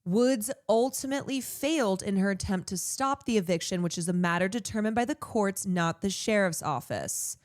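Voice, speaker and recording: A woman's voice: medium pitch, lively intonation, normal speed, few pauses. Indignant woman streamer reading news. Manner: reads news aloud, breaks in with heated asides; profane, indignant. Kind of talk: casual news commentary.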